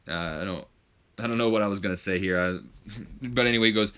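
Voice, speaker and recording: A man's voice: deep voice, brisk, pauses often, bright, forceful tone, smooth. A man casually commenting on a wrestling management game, rambling with chuckling asides. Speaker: gaming video host.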